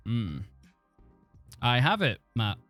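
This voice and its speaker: A man's voice: mid-range voice, big pitch swings, slow pace, a bit bright, no room sound, soft background music. A man chatting and thinking aloud as he streams a football management game, swearing now and then. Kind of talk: casual live-stream commentary.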